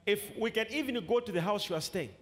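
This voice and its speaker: A man preaching a sermon in a church, shouting and repeating phrases with drawn-out emphasis. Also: high-pitched, animated, long reverb tail, slight background noise.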